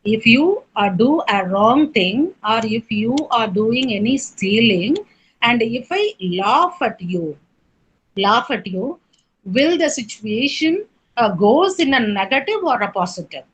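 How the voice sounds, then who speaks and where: Husky-voiced woman lecturing with fillers. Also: fairly high pitch, sing-song, poor audio. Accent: Indian English. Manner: explaining slowly with many fillers and questions to students. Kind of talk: online lecture.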